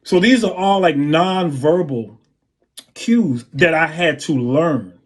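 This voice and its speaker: A man with a slightly high, husky voice tells stories as a guest drummer on an interview show. His delivery is relaxed and anecdotal, and he scats the rhythms he describes. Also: slow. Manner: relaxed anecdotal, sings drum patterns. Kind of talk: interview storytelling.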